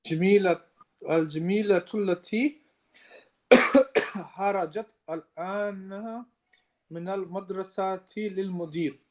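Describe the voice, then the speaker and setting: Male student, high voice, slow and hesitant reading. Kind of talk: reading aloud in class.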